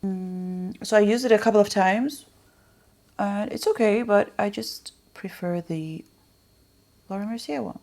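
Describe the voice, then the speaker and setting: A woman chatting casually through a makeup tutorial, rambling on and dropping soft muttered asides. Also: mid-range voice, measured pace. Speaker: beauty vlogger.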